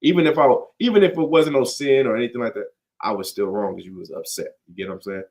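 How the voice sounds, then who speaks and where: A man's voice: medium pitch, fast talker, darkish tone. A man leading a casual scripture study in a conversational, slangy way, often checking in with "you get what I'm saying.".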